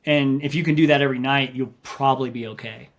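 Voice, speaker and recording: A man's voice: mid-range voice, quick pace. A middle-aged man, an ultramarathon runner and coach, telling stories in a podcast interview and acting out what people said. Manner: animated storyteller, acts out quotes.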